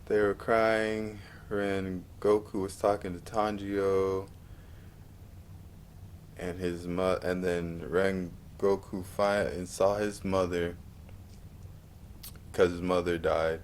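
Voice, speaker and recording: Man, low voice, unhurried, animated movie recap, faint background hiss. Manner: animated retelling with sudden high-pitched outbursts. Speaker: movie reviewer. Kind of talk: casual movie review vlog.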